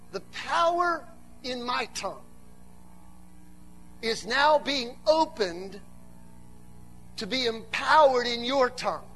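A man preaching a sermon to a church, mixing humorous asides with animated build-ups that rise to shouts. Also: extremely high pitch.

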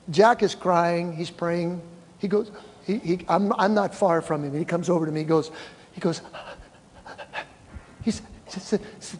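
An older male pastor telling mission stories to his church and acting out the quoted voices in an animated way. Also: sits high. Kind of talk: church mission report with slides. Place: church hall. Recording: reverberant church hall.

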